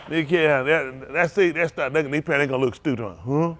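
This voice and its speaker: A man's voice: a little high, normal speed, noisy background. A man preaching in a folksy storytelling sermon, laughing often and repeating phrases as he acts out quotes. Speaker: pastor.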